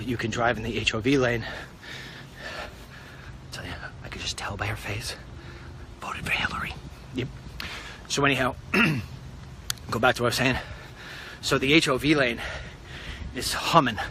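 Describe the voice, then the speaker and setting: A middle-aged man telling a rambling story in a casual vlog, wry and animated. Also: medium pitch, slight background noise. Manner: wry, animated, puts on silly voices for quotes. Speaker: vlogger.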